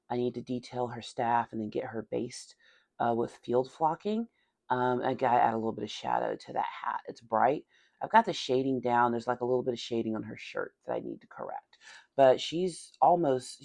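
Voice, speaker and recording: Working on a miniature in a casual hobby vlog, a talkative Southern woman from Tennessee narrates, laughing often and muttering or whispering under her breath. Her voice is rumbling low, creaky and darkish, with no room sound.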